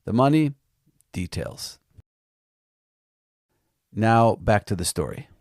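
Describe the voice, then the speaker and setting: A man's voice: on the low side, big pitch swings, takes it slowly, darkish tone, dry recording, clean studio sound. A man hosting a podcast, narrating a story in a reflective, storytelling manner and interviewing guests.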